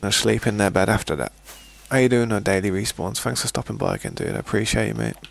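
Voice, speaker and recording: A man's voice: lowish voice, very animated, fast talker, vocal fry. A British man streaming a game live, chatting casually with viewers, often restarting his sentences and calling them mate and boys. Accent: British English. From Britain. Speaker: gaming streamer. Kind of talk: casual live gameplay commentary.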